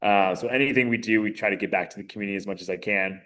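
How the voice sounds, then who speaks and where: A man in his thirties, a podcast guest, telling his story in a casual, animated way with many fillers. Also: on the low side, racing. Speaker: podcast guest, mayoral candidate.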